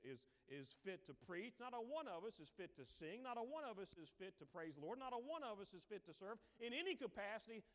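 Male preacher, high animated delivery, dramatic character voices, long church reverb. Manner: sings hymn lines mid-sermon. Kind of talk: sermon.

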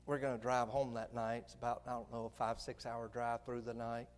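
A middle-aged man preaching, telling a lively story with comic put-on voices. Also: medium pitch, fairly quick, long reverb tail. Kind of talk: sermon story.

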